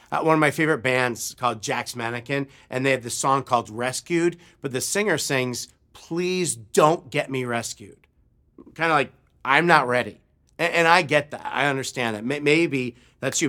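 A man preaching a sermon as pastor, telling a story and acting out the people in it. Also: medium pitch. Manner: animated, acts out shouts in his story. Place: church.

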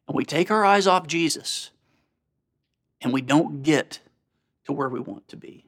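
A man delivers a sermon in a slightly higher register. He speaks earnestly and conversationally, often turning to his listeners with questions. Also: normal speed, fairly bright tone. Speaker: pastor.

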